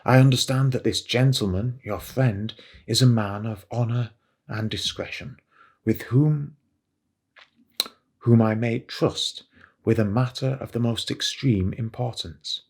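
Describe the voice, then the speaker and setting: A man reading the lines of a stern masked foreign nobleman in a formal, measured way, close to his own voice. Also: mid-range voice, a little mellow, husky.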